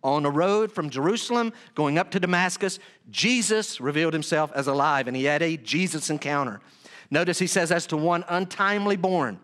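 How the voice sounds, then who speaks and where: A man's voice: fairly high pitch, fairly quick, fairly bright tone. A male pastor preaching an expository sermon, reading verses and repeating phrases for emphasis with casual asides.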